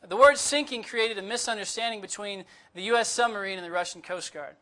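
A man's voice: high voice, a little fast, bright, forceful tone. A man preaching as a guest speaker, talking in a conversational way with humorous asides and reading closely from his notes. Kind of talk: sermon.

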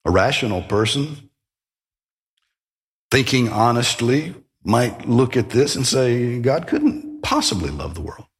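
Man, pastor, sermon, emphatic, rhetorical questions, animated pitch. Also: slow. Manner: emphatic preaching with rhetorical questions and sudden swells.

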